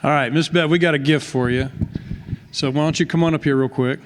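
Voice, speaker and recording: A man's voice: a little high, fairly even intonation, fairly quick, slight background noise. A man, a pastor, giving a folksy, self-deprecating speech at a church retirement party. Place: church hall. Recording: long hall reverb.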